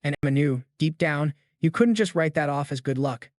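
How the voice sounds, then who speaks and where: In a chatty, slangy voice that sits a little high and a little mellow, a man recaps a story, addressing his listeners directly like a friend sharing gossip. He's animated at a moderate pace, and the recording is dry and close with no echo or room sound.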